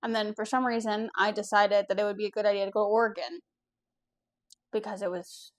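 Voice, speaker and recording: A young woman from the US East Coast telling a personal story in a casual vlog, candid and animated, swearing now and then. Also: mid-range voice, fairly quick. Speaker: vlogger.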